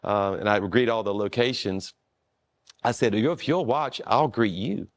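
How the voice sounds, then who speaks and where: Male pastor, conversational storyteller, slightly low voice, dry sound, easygoing and self-mocking. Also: a little slow, dry recording. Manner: relaxed, self-deprecating, with frequent restarts.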